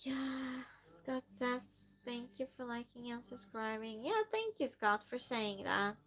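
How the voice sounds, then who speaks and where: Slow-talking playful woman streamer. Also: fairly high pitch, a bit bright. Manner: playful, teasing, reads chat aloud. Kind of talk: casual chat with live viewers.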